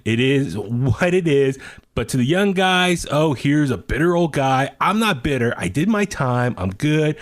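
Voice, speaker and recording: A man's voice: mid-range voice, very animated, measured pace. A man hosting a podcast in casual chat, rambling with many fillers and restarts as he reads quotes aloud. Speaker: podcast host.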